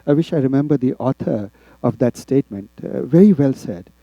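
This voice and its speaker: Man lecturing a class, lively pitch. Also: fairly quick, dry recording, muffled recording. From India. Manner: rhetorical tag questions, addresses the class. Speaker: instructor.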